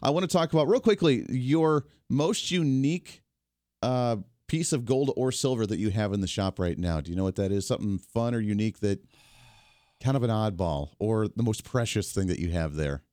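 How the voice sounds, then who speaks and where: A man's voice: lowish voice, darkish tone, dry recording, clean studio sound. A man hosting a local talk radio show, chatting with his guest and breezing through station breaks and promos. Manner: conversational, quick station breaks and promo reads.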